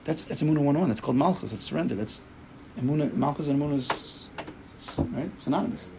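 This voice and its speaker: A man teaching a Torah class as a rabbi, speaking emphatically and acting out inner voices in quick quoted asides. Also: a little high, lively intonation, background noise.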